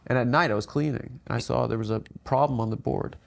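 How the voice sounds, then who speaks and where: A man's voice: medium pitch, fast talker, creaky. A man in comedic podcast banter, telling an absurd made-up life story with a straight face. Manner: deadpan, spinning absurd bits.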